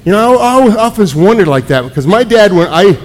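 A man preaching to a congregation, telling personal stories in an animated way with frequent restarts. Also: sits high, a little fast. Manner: animated storytelling, many restarts. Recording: echoey hall with long reverb.

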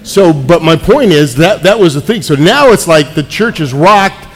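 Man, preacher, sermon storytelling, slightly high voice, long hall reverb. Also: moderate pace, slightly rough. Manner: animated storytelling, many restarts. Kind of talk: sermon with personal stories.

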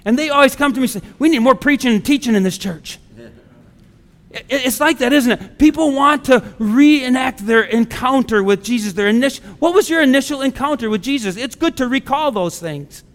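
High-voiced preaching man in a reverberant hall. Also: lively intonation, moderate pace, a bit bright. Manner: conversational preaching, acts out quoted voices. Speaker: pastor. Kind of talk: sermon. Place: church sanctuary.

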